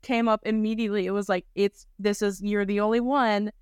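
Woman host, smooth clear voice, dry close sound, chatty and candid. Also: medium pitch, fairly even intonation, fairly quick, darkish tone, dry recording. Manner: candid, storytelling, acts out quoted voices. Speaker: podcast host. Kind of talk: casual podcast chat.

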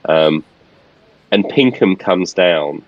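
A man narrating a tabletop horror game as game master, casual and halting with frequent restarts. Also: low voice, lively intonation, no echo, dull audio.

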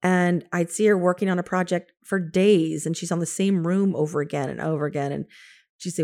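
Animated woman in her 50s, slightly low voice, telling design business stories, laughs a lot. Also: a little fast. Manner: animated, laughs often, quotes herself in lively asides. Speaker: interior design business owner and coach. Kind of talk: casual storytelling.

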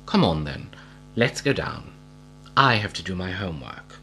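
A man reading a story aloud and voicing a bold, inventive young girl who gives brisk, matter-of-fact orders. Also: low voice, big pitch swings, sharp tone, a little hiss or hum, full character voice.

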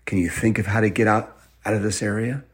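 A man telling an improvised bedtime story. He jumps into high, excited voices for the characters and drops to a hushed tone at the tense parts. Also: a little fast. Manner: drops to a soft, hushed voice at suspenseful moments.

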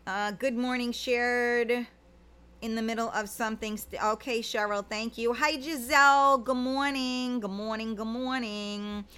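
A woman's voice: on the high side, fairly even intonation, normal speed, pushed and bright, clean tone. A middle-aged woman, chatting casually as a livestream host and reading out viewer comments, rambling with many fillers.

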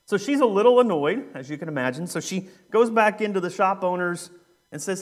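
A young adult man, a youth minister, preaching a sermon in a relaxed, joking way with lots of ums and uhs. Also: high voice, a little fast. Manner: conversational, joking, with frequent fillers. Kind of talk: sermon with a humorous story.

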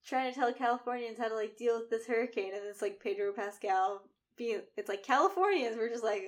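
A woman co-hosting a podcast in casual chat, relaxed and playful in how she talks. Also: on the high side, fairly quick, few pauses. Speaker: podcast co-host.

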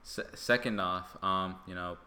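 Rambling man with a bright voice. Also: deep voice, steady tone, a little slow. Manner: rambling storyteller, heavy use of "like" and "you know". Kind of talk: casual podcast chat.

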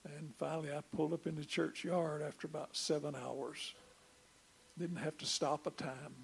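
Gravelly older preacher man. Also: fairly high pitch, fairly even intonation, moderate pace. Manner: storytelling with repeated stammers. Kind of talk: sermon testimony.

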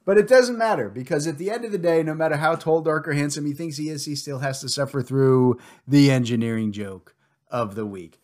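A middle-aged man hosting a podcast in casual chat, loud and joking with his co-host. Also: fairly high pitch, a little fast.

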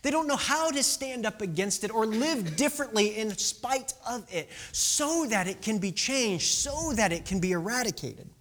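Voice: mid-range voice, expressive, normal speed, few pauses, fairly bright tone. A preacher giving a conversational sermon, asking rhetorical questions and sometimes dropping to a whisper for emphasis.

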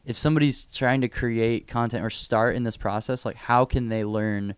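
A man interviewing a guest in a casual chat, easygoing and quick to joke or agree. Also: medium pitch, steady tone, smooth, no echo. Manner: easygoing, joking, eager to agree.

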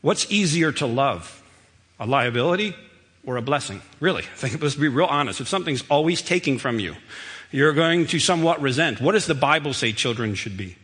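A man's voice: mid-range voice, lively intonation, moderate pace, fairly bright tone. A middle-aged man giving a sermon to a congregation, telling family stories in a conversational, emphatic way. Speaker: preacher. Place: church sanctuary. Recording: long reverb of a church hall.

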